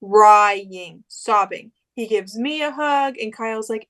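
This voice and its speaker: A woman's voice: fairly high pitch, takes it slowly, few pauses, a bit bright. A young woman co-hosting a podcast, telling a story in a chatty way and acting out the quoted lines. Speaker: podcast co-host. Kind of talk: casual chat.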